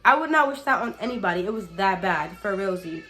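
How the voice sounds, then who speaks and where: Young woman, hoarse from a cold. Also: medium pitch, animated, fairly quick, fairly bright tone, soft background music. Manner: chatty, swears freely, frequent "like" fillers; addresses viewers directly as y'all. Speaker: vlogger. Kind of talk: casual storytime.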